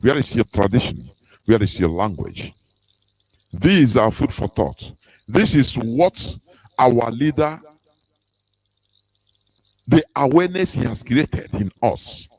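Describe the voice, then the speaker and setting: A man's voice: medium pitch, lively intonation, takes it slowly, pauses often, a little mellow, breathy edge, no room sound, rough recording. A man, giving a fervent radio talk full of rhetorical questions and sing-song rises. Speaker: radio broadcast speaker. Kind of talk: impassioned preaching talk.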